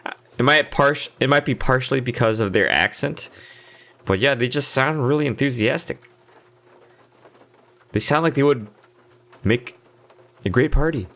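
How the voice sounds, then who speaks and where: A man's voice: mid-range voice, normal speed, pauses often, a bit bright. A man streaming a game, chatting casually and thinking aloud in a laid-back, rambling way. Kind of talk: casual chat while gaming.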